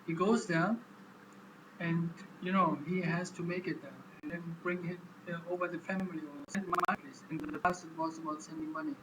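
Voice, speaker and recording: A man vlogging in a casual monologue, speaking haltingly and repeating words as he explains. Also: high voice, lively intonation, noisy background.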